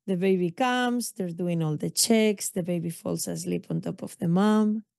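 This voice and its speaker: A woman's voice: fairly low pitch, gravelly, no room sound, clean studio sound. A middle-aged woman hosting a podcast as a doula, telling a personal story in an intimate way with frequent asides to the listener. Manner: warm, intimate retelling with frequent "you know" and "okay?".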